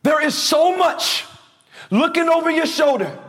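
A male preacher with a very high voice delivers a lively sermon in a church. He talks straight to his congregation, asking them to answer back and raise their hands. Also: measured pace. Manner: energetic, preaching with calls to the congregation.

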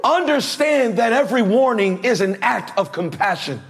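A male preacher with a very high voice delivers a lively sermon in a church. He talks straight to his congregation, asking them to answer back and raise their hands. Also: normal speed. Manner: energetic, preaching with calls to the congregation.

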